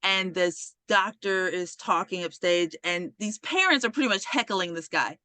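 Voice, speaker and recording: A woman co-hosting a podcast in a casual film recap chat, telling scenes in a lively way and voicing characters. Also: on the low side, moderate pace, dry recording. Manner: lively storyteller, voices characters. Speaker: podcast co-host.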